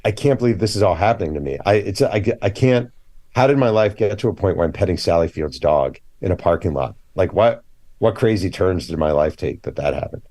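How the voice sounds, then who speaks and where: Male author guest, low register, dry mic; animated, opinionated storyteller. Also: brisk, no echo. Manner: animated storyteller acting out quoted dialogue; blunt, opinionated. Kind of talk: casual podcast interview.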